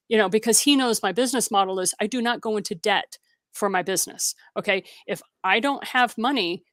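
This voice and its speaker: A woman's voice: medium pitch, brisk, dry recording, clean studio sound. Direct, storytelling woman from Missouri. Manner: direct, storytelling, acts out quoted dialogue. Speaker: guest entrepreneur. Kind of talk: interview conversation.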